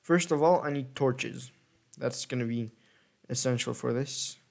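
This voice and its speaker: A man's voice: medium pitch, unhurried, gravelly, a little mellow. A man giving casual gameplay commentary, rambling and correcting himself as he thinks aloud. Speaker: gaming video creator.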